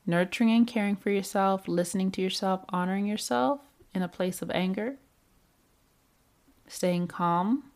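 A woman speaks slowly and unhurriedly, her voice sitting at an ordinary middle pitch. She talks like a self-help coach, calm and reflective, asking the listener question after question as she works through feelings. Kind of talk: reflective motivational talk.

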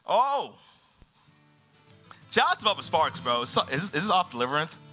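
Brief: male host working the crowd, very bright tone, lively pitch, faint music under him. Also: normal speed. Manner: loud, profane, teasing banter with audience. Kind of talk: live comedy crowd work.

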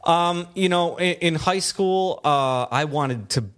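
A man's voice: a little high, slow pace, fairly bright tone, clean tone. A man with a Midwestern American accent, a guest drummer telling stories in a casual interview, acting out quotes and laughing often. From Detroit area.

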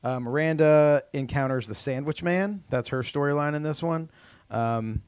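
A man's voice: on the high side, moderate pace, a little mellow, clear, resonant tone, no echo. A man co-hosting a podcast, chatting casually as he recaps a TV episode, with lots of "um" and "uh" and restarts. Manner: rambling with many fillers and restarts. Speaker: podcast co-host.

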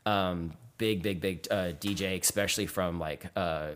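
A man's voice: low voice, fairly even intonation, measured pace, a little hiss or hum. A man from Texas, telling stories in a casual, rambling way with lots of fillers, livening up when he quotes others. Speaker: guest artist. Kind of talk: casual storytelling.

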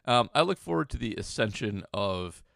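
Podcast guy, gravelly, dry close mic, rambles and restarts a lot. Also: fairly low pitch, very animated, moderate pace, fairly bright tone, no room sound. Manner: rambling, self-interrupting. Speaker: podcast co-host. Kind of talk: casual sports podcast chat.

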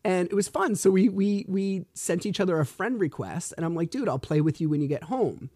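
Male podcast host, 30s, mellow voice with a dry sound, swearing freely as he tells his story. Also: high voice, lively intonation, a little fast, no echo. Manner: blunt and profane, retelling events with heat. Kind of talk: casual solo storytelling monologue.

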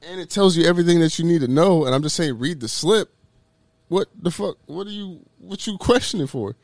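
A man talking in casual chat, animated and swearing freely, acting out quotes with sudden jumps in pitch. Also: fairly quick, dry recording, studio quality.

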